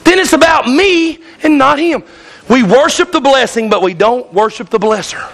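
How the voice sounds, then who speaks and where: A man's voice: extremely high pitch, animated, moderate pace, fairly bright tone. A male pastor preaching a fiery sermon in church, hollering and calling out to the congregation. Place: church sanctuary.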